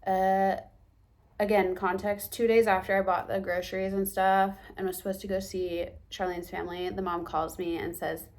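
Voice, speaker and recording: A young woman telling a story to her camera in a casual vlog, animated and acting out the lines people said to her, with whispered asides. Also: mid-range voice, moderate pace. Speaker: vlogger.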